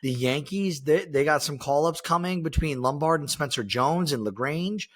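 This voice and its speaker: This co-host's voice is on the high side for a man, fairly bright, at a normal speed. He talks sports casually on a podcast, rambling with frequent fillers and restarts.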